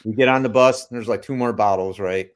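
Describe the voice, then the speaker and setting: A man's voice: lowish voice, fairly quick. A man guesting on a podcast, chatting casually about touring, swearing a lot and saying "dude" often. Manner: laid-back, heavy swearing, lots of "dude" and "man". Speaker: podcast guest, metal musician. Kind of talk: casual chat.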